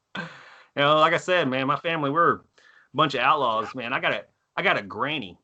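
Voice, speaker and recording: Man, 30s, from Texas, podcast storyteller, profane, animated, bright tone. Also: fairly high pitch, brisk, highs cut off. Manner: profane, animated storyteller who acts out quotes. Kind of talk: casual storytelling chat.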